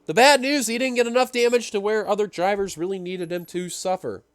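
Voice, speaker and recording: High-pitched excitable male race caller. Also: brisk, dry recording, studio quality. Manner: excitable, builds to shouting at the finish. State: out of breath. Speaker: race commentator. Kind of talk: sim racing play-by-play commentary.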